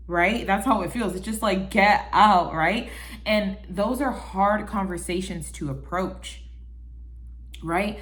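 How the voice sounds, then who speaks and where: Woman vlogger, casual talk to camera, chatty and animated, acts out quotes. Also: fairly low pitch. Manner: chatty, animated, quotes people in little voices; calls the listener baby. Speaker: vlogger giving life advice.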